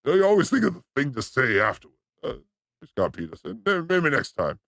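A man hosting a livestream, reacting to clips with crude, excitable jokes. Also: medium pitch, a little fast, creaky, no echo, clean studio sound. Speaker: show host reacting to clips. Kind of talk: livestream clip commentary.

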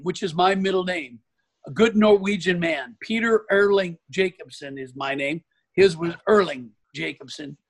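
An older man from Oregon, a golf pro guest telling an animated anecdote in an interview. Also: sits high. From Oregon, USA. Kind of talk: storytelling in an interview.

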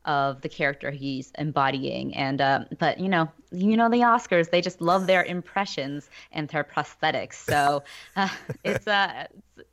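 A woman's voice: sits low, fairly bright tone. A woman on a film podcast panel, opinionated and casual, with frequent fillers and restarts. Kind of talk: casual chat. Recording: dull lo-fi audio.

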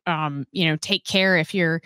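Low-voiced woman chatting on a podcast. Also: steady tone, moderate pace, pushed and bright, clear, resonant tone, dry recording, studio quality. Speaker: podcast co-host. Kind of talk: casual sports podcast chat.

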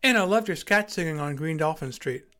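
A man's voice: fairly high pitch, expressive, a little fast, fairly bright tone. A man telling a first-person story with acted dialogue in a dry, wry, articulate way, and hosting his podcast.

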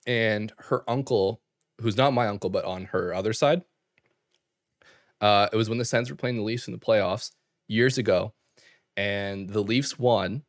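A young man from Canada telling an animated story on a casual podcast, full of fillers and quick asides. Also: lowish voice, no echo, studio quality. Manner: animated storyteller, fast filler-heavy talk with laughs. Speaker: podcast co-host. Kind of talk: casual chat.

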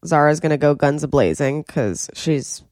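A woman's voice: low-pitched, expressive, moderate pace, darkish tone, dry recording, studio quality. A young woman co-hosting a podcast, chatting casually about a reality show and mimicking people in quoted voices. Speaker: podcast co-host.

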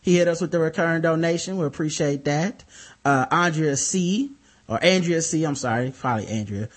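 Young male co-host, somewhat high voice, loose and profane, rambling chat with plenty of fillers. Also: steady tone, fast talker. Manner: laid-back, rambling, profane, with many fillers. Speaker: podcast co-host. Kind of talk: casual podcast chat.

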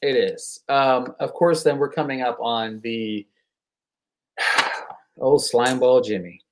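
A woman's voice: very deep voice, fairly even intonation, takes it slowly, slight background noise. A woman co-hosting a podcast, chatting casually about a TV episode and agreeing often with short replies. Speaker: podcast co-host. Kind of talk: casual chat recapping a TV episode.

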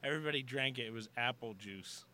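A man's voice: mid-range voice, fast, bright, forceful tone. A man co-hosting a casual chat, telling rambling, laid-back anecdotes full of fillers, recorded in a comedy club. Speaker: comedian co-host.

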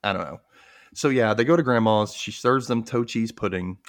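A man's voice: fairly low pitch, moderate pace, no echo, studio quality. A young man hosting a podcast, recapping a show in casual chat and acting out scenes. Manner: animated, acts out scenes in silly voices. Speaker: podcast host.

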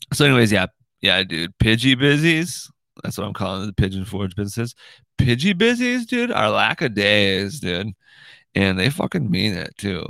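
A man's voice: lowish voice, a bit bright, dry recording. A young man hosting his own show from home, rambling casually and swearing a lot, tacking "dude" and "right?" onto his sentences. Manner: profane, rambling, ends lines with "dude" and "right?". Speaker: podcast host. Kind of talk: casual monologue. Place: room in his house.

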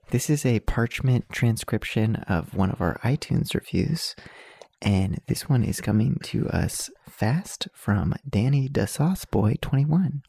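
A man co-hosts a comedy podcast in a mock-ASMR hush, whispering and giggling through jokes. His voice is gravelly and husky, and the sound is dry and close. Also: medium pitch, lively intonation, slow pace, no echo. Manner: hushed whispering, giggly, joking. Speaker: podcast co-host.

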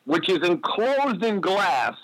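A man who is a sports announcer, a guest on a podcast, telling a lively anecdote in a casual interview. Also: high voice, slow, dry recording, poor audio.

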